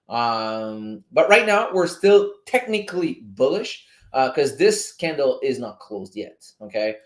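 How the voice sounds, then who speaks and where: A man with a Québécois French accent hosts a casual livestream, talking freely and drifting off on tangents. His voice sits slightly high. The sound is roomy and echoey. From Montreal, Canada. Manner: chatty, easily sidetracked, swears casually. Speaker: livestream host.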